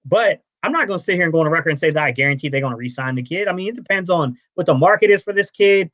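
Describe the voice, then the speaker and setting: A man's voice: a little high, racing, dry recording. Brash sports fan man, lo-fi stream. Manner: animated, brash, says bro a lot. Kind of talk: casual sports chat. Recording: dull lo-fi stream audio.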